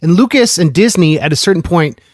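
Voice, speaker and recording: A man's voice: a little high, lively intonation, a little fast, dry recording, clean studio sound. A man hosting a podcast, chatting eagerly and jumping from one tangent to the next. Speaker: podcast host. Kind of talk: casual chat.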